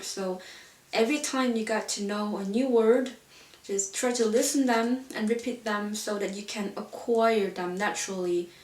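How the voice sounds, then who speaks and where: Patiently walking learners through pronunciation online, this woman teacher leans on the filler "so yeah" again and again. She speaks at a medium pitch, recorded from a distance in an echoey room.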